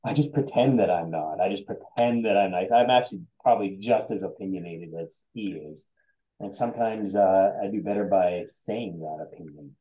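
Deep, mellow-voiced candid man. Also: moderate pace, low-quality recording. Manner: candid, self-reflective. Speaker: discussion participant. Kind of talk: casual group conversation.

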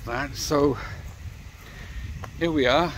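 Drawing out his words in a slightly high voice, a middle-aged motorcycle vlogger rambles casually to camera, speaking straight to his viewers. He's walking around outdoors by a church and graveyard, with background noise in the clip.

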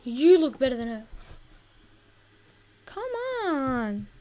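Woman gaming host, high and slow-spoken, talks through her play with a grumbling, chatty tone. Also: lively intonation, warm tone. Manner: chatty and easily exasperated. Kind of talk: casual gameplay commentary.

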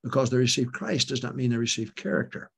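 A man's voice: medium pitch, expressive, quick pace, creaky, slightly rough. An older man, a pastor, giving folksy, emphatic preaching talk to church leaders, chuckling often.

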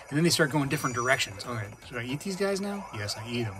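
A man hosting a casual hobby vlog, chatting and reacting out loud while he plays a game. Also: mid-range voice, expressive, fast talker, hardly any pauses. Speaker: coin-collecting channel host.

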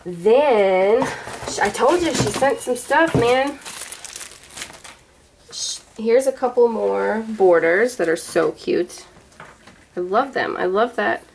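A woman's voice: a little high, takes it slowly, creaky, long pauses, a little mellow, slight background noise, rough recording. A woman in her thirties chatting casually as she unboxes a gift box of craft supplies, gushing and rambling with lots of fillers. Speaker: vlogger showing a gift box. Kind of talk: casual show-and-tell unboxing.

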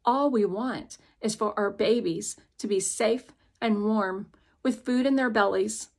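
A woman reading as a worn-out mother from a storybook, pleading earnestly but keeping a practical, reasonable tone. Her voice is close to the reader's own and unhurried. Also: mid-range voice, creaky.

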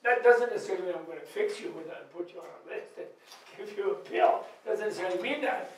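Guy with a fairly high voice giving a loose buddhist talk, laughs a lot, echoey hall, mic far off. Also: fast. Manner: animated storytelling, laughs often, acts out quoted voices. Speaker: Buddhist teacher. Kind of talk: informal dharma talk at a retreat. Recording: echoey room recorded from far off.

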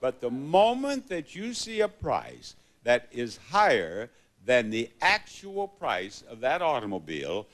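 An older man hosts a TV game show before a live studio audience, his medium-pitched voice swinging hugely in pitch. He teases contestants playfully with a drawn-out delivery, over loud audience noise and music.

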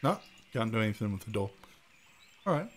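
A man's voice: on the low side, very animated, a little fast, slight background noise. A man giving casual, dry, sarcastic commentary while playing an old computer game. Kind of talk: casual let's-play commentary.

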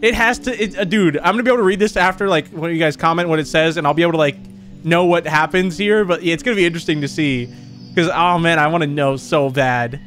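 A young man hosting a horror game let's play, excitable and chatty, talking to his viewers and saying dude a lot. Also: a little high, fast, faint music behind. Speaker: gaming channel host.

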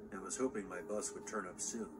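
A man reading a first-person horror story in steady, plain scripted narration. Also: sits low, fast, background noise. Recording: distant, with loud background ambience.

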